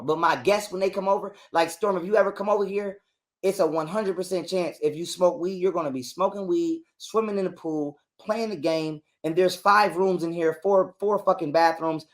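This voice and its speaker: A man, a guest on a call, telling a heated personal story in street slang and swearing a lot. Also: sits high. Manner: heated, profane, talks fast in street slang.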